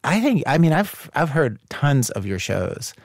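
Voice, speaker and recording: A man being interviewed, talking fast and casually with laughs and lots of "like" and "you know.". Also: on the high side, big pitch swings, no echo, clean studio sound. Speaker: radio host as guest.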